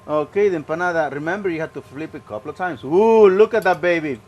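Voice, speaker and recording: A man's voice: on the high side, fast, a little mellow, muffled recording. A man hosting a home cooking show, chatting playfully through each step. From Mexico. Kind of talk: casual cooking demonstration.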